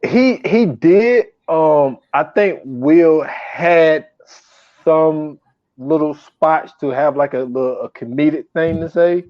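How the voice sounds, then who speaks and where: A man with a slightly high voice chats casually about a film, full of slang and laughter. He retells scenes by slipping into quoted voices. The sound is dry and a little muffled. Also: slow pace, no echo. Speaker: podcast co-host. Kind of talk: casual chat.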